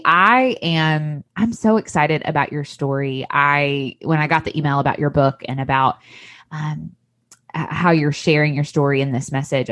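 A woman's voice: sits low, a bit bright, dry recording. A woman with a Southern American accent hosting a faith podcast, gushing and effusive with her guest. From Tennessee, US. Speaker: podcast host.

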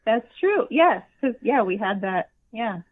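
A woman's voice: on the high side, big pitch swings, measured pace, no echo. A chatty woman telling a story with plenty of animation, acting out her own reactions as she goes. Her voice comes through a thin, tinny, phone-like line. The sound is dry and close. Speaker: podcast co-host. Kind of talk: casual fan chat.

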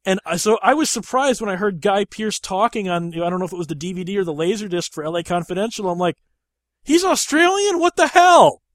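A man's voice: sits high, quick pace, few pauses, no room sound, studio quality. A man hosting a podcast, chatting casually about movies, rambling and swearing freely. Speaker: podcast host.

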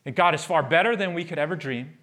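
Male pastor, sermon, slightly raised pitch, animated storytelling into hushed prayer. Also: fast talker.

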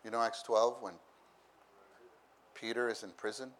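A man's voice: medium pitch, fairly even intonation, unhurried, a little hiss or hum. Man preaching in a conversational style. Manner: repeats phrases, acts out voices with bursts of laughter. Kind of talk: conversational sermon.

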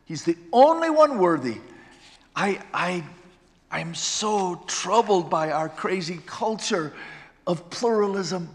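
Brief: male pastor mid-sermon, emphatic and dynamic, voice slightly high, long reverb of a big hall. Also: animated, takes it slowly. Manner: emphatic, swings from loud exclamations to hushed storytelling.

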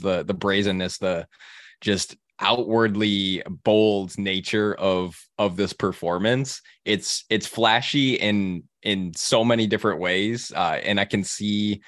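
A young man hosting a casual film discussion, halting with many restarts and fillers. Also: lowish voice, a bit bright, no room sound, clean studio sound. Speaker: film podcast host.

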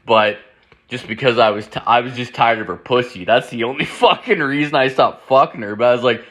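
A man's voice: medium pitch, brisk, fairly bright tone. A young man hosting a podcast, telling a rambling story full of swearing and "like" fillers. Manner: profane, rambling, heavy on "like" fillers. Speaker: podcast host. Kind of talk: casual storytelling.

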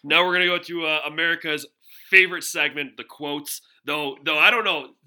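A man's voice: on the high side, brisk, pushed and bright. A young man co-hosting a podcast, chatting in a laid-back way, laughing often and acting out quotes. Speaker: podcast co-host. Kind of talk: casual chat.

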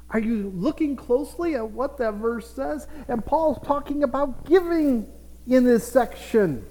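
Male pastor, higher voice, animated sermon delivery, echoing room. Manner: animated preaching with playful asides. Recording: reverberant hall.

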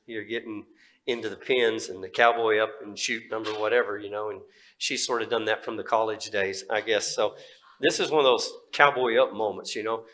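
A man's voice: on the low side, bright, forceful tone, poor audio. A middle-aged male pastor preaching a sermon in a folksy, conversational way, with fillers and asides.

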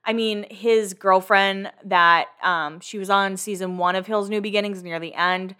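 A woman's voice: medium pitch, fairly even intonation, measured pace, pushed and bright, clean tone. A woman hosting a casual recap podcast, chatty and filler-heavy, with the odd swear word. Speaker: podcast host.

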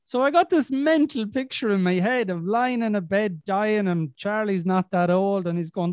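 High-voiced man, sweary and blunt. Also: moderate pace, few pauses, a little mellow, clean tone, no room sound. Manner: blunt and sweary, self-deprecating. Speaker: podcast host. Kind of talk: casual chat.

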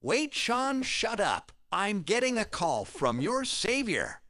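A man playing a hot-tempered, bossy dad in a comedy sketch, yelling and insulting his son. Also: high voice, sing-song, slow, no echo, studio quality, exaggerated voice. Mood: angry. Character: hot-tempered loud middle-aged dad.

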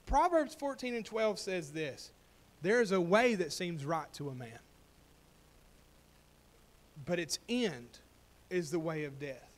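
A man's voice: high voice, sing-song, measured pace, pauses often, a bit bright. A man preaching a sermon, telling a story and building to emphatic, rising points. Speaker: pastor.

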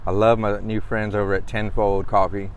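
A man's voice: lowish voice, normal speed, muffled recording, slight background noise. Laid-back man chatting. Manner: relaxed, laughs easily, slangy. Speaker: coffee shop owner and host. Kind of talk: casual livestream chat.

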